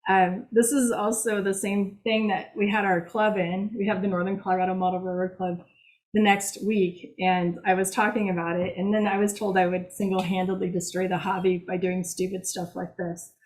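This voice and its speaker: A woman's voice: medium pitch, level tone, moderate pace, a little mellow, low-quality recording. Woman, museum director, casual club talk, chatty, laughs a lot, pokes fun at herself. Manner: chatty, self-mocking, laughs often.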